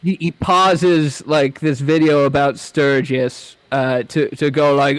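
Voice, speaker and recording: A man's voice: a little high, steady tone, a little slow, smooth, dry recording. A man, a comic writer, talking as a guest in casual chat, rambling with hesitant restarts and mocking quotes.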